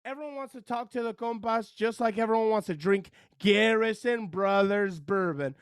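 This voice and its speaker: This is a swaggering sports-talk blowhard, put on by a man, all bragging and mockery. The voice sits up high for a man and the sound is dry and close. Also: normal speed, clear, resonant tone, dry recording, lightly acted. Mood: hyped promo. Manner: ranting, mocking, boastful. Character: brash boastful male sports-talk blowhard, ex-jock. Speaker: comedy segment character.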